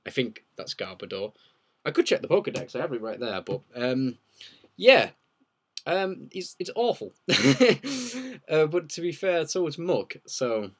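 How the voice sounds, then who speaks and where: A man's voice: fairly high pitch, big pitch swings, unhurried. A young man hosting a casual live Q&A, rambling and joking as he reads viewer questions aloud. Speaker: livestream host.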